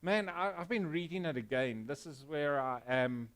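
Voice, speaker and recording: A man with a South African accent preaching a sermon in church, emphatic and earnest, dropping to quiet, intense moments. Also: fairly high pitch, moderate pace. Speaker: pastor.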